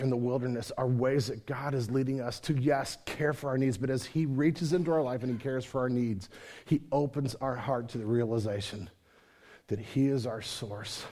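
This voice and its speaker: Male pastor, sermon delivery, builds loud then drops quiet. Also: medium pitch. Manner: dynamic preaching, swings from loud to soft.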